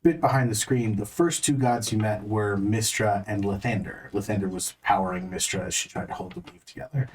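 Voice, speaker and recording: A woman's voice: very deep voice, brisk, few pauses, darkish tone. A woman game master dropping in with dry corrections during a casual session recap, heard from a distant mic. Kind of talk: casual table talk. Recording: distant mic, faint background noise.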